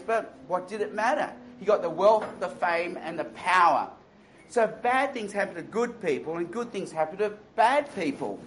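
A man's voice: high voice, slight background noise, low-quality recording. A man preaching a sermon, telling stories and mocking smug attitudes with playful impressions. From Australia. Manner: animated storytelling with mocking impressions.

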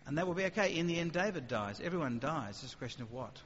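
A man delivers a talk on faith to a gathered audience, animated and conversational, breaking into quick acted asides. His voice sits fairly high. The recording is muffled and dull, carries a long hall reverb and a faint hiss underneath. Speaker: speaker. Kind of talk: evangelistic talk with questions.

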